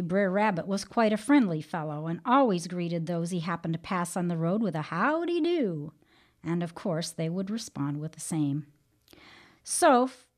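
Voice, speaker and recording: A woman teaches faith on the radio in a measured, plain-spoken way. Her voice sits a little low and she stays earnest throughout. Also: a little mellow. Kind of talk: devotional teaching and storytelling.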